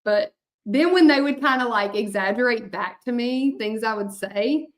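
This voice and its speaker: A woman's voice: fairly high pitch, normal speed. Chatty Southern woman lettering a sign. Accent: Louisiana Southern. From Louisiana. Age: middle-aged. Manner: chatty, rambling, many fillers, talks to viewers. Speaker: hand-lettering artist. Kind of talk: casual craft livestream chat.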